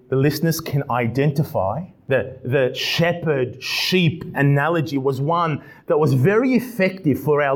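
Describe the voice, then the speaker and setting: A man pastor preaching an expository sermon with animated delivery and repeated emphatic phrases. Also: mid-range voice.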